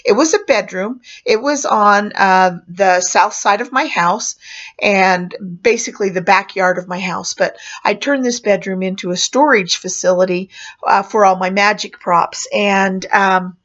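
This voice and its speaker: A woman's voice: mid-range voice, unhurried, fairly bright tone. A woman who performed as a clown, chatting through a personal story with fillers and small laughs. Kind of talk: casual spoken memoir. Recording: muffled lo-fi recording.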